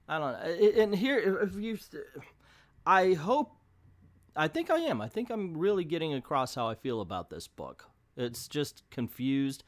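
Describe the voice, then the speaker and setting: Middle-aged male reviewer, mid-range voice, casual rambling monologue, hesitant and exasperated. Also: mid-range voice. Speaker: comic book reviewer, channel host.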